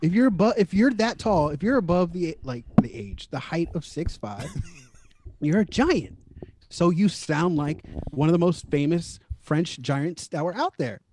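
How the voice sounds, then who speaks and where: A man's voice: on the high side, lively intonation, measured pace, background noise. A man, co-hosting a casual podcast, joking and laughing with playful asides. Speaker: podcast co-host. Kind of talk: casual chat.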